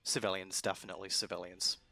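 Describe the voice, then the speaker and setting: Bright-voiced male dungeon master. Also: sits low, vocal fry, slight background noise. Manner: relaxed, many ums and pauses. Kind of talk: narrating a tabletop game.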